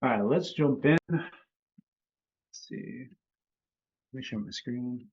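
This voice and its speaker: A man's voice: mid-range voice, slow, a little mellow, breathy edge. Easygoing man hosting a live stream. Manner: easygoing, greets viewers by name. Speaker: host and company CEO. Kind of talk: casual live-stream teaching. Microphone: video call. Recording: slightly dull video-call audio.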